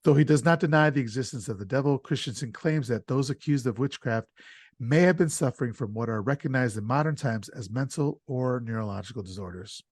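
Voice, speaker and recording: A man hosting a podcast, retelling the plot of an old film in an animated, casual way with fillers. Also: mid-range voice, brisk, no echo, clean studio sound. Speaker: podcast host.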